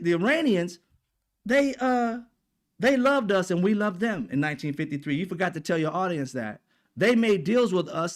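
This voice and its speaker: Male host, heated profane rant, voice sits a bit high, repeats himself for emphasis. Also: fairly bright tone. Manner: profane, fired up, repetitive. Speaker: commentary channel host.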